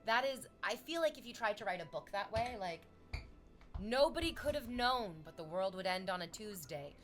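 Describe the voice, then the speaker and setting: A woman streaming, reading chat aloud and chatting casually in an animated, exclamatory way that drifts into tangents. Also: mid-range voice, moderate pace, soft background music.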